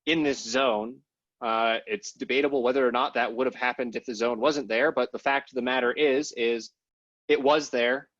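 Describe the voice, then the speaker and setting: A man's voice: mid-range voice, steady tone, normal speed, fairly bright tone, dry recording. A man talking politics on a podcast he co-hosts, rambling and hedging with lots of fillers. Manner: rambling, many fillers and hedges. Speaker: podcast co-host. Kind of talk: casual political discussion. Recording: dull lo-fi sound.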